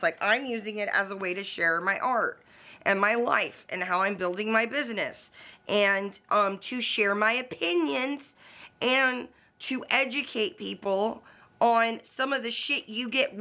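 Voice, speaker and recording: Bright-voiced woman ranting bluntly to camera. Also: medium pitch, a little slow. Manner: talks to the camera. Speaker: vlogger. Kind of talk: casual vlog rant.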